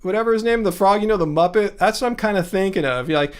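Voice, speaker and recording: A man's voice: sits high, fast talker, clean tone. A man hosting a livestream in casual chat, joking, laughing at himself and reacting to comments from chat. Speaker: livestream host.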